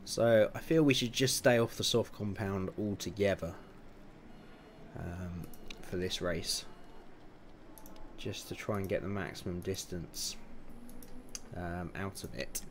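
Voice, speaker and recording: In this casual livestream, a man in his twenties plays a racing management game, chatting and muttering to himself while tweaking car setups, with chuckling asides. His voice sits low and he speaks slowly, pausing often, against slight background noise.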